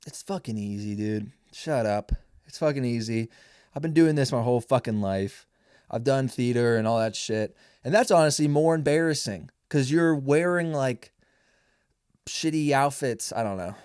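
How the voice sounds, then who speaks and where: A young man talks on his own in a loose, rambling podcast monologue, cursing often and poking fun at himself. His voice sits at an ordinary pitch for a man. The sound is close and dry, with no room echo. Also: lively intonation, normal speed, darkish tone, clean tone. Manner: rambling, profane, self-mocking. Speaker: podcast host. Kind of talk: casual solo podcast monologue.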